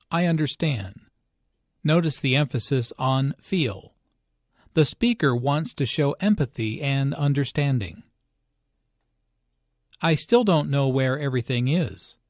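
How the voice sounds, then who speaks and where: A man narrating an English lesson, explaining phrases slowly and deliberately, stressing key words. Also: mid-range voice, no echo, studio quality. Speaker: English teacher.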